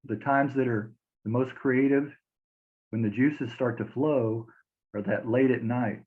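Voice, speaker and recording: A man's voice: medium pitch, steady tone, unhurried. A male interview host with a mid-range voice eagerly encourages his guest to go on. His voice comes through a thin, tinny phone line. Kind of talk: casual interview chat.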